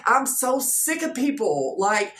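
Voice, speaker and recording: A woman's voice: a little high, big pitch swings, takes it slowly, a bit bright. Chatty woman reading tarot, echoey room. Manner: chatty, loose, heavy on fillers and repeats. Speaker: tarot reader. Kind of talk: casual tarot reading for viewers. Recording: echoey room with faint noise.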